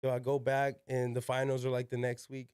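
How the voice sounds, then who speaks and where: A man's voice: mid-range voice, monotone, fairly quick, a little mellow, smooth, dry recording, clean studio sound. A young man, a podcast guest, telling a casual story in slangy talk full of "yo", "like" and swearing. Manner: slangy, peppered with "yo" and "like", swears freely.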